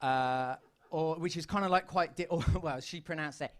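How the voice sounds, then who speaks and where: A young man doing a stand-up routine on a comedy club stage, rambling and self-deprecating with quick asides to the crowd. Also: a little high. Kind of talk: stand-up routine to a live audience.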